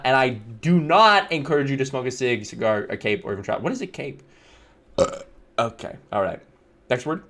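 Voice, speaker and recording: A man's voice: mid-range voice, animated, moderate pace, a bit bright. A young man streaming live, reading viewer slides aloud and reacting with wry, bemused asides and chuckles. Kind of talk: casual live-stream commentary.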